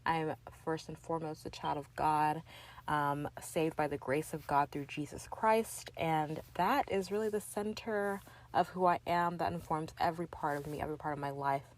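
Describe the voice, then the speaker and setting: Her voice sits low and her tone stays steady at a moderate pace. A young woman alone on her podcast, she talks earnestly and encouragingly to the listener in a relaxed, chatty style, with fillers and restarts.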